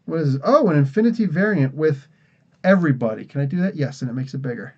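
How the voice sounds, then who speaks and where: A man's voice: a little high, lively intonation, fast, darkish tone, highs cut off. A man from New Jersey hosting a casual comics podcast livestream, tired and rambling, laughing often. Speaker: podcast host.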